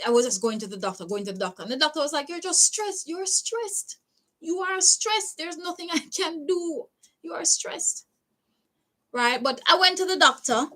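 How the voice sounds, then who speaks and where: A woman's voice: fairly high pitch, bright, forceful tone. A woman from Jamaica with a Jamaican accent, telling a personal story in a candid vlog and slipping into Patois phrases. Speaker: vlogger. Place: living in Japan.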